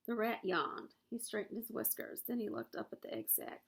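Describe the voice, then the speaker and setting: A woman's voice: mid-range voice, big pitch swings, normal speed, gravelly, hardly any pauses, husky. A woman reading a children's novel aloud. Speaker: reader.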